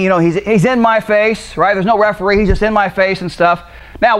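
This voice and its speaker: A middle-aged man, a martial arts instructor, casually explaining self-defense moves while directing a partner through them in a gym. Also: high-pitched. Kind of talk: demonstrating self-defense techniques.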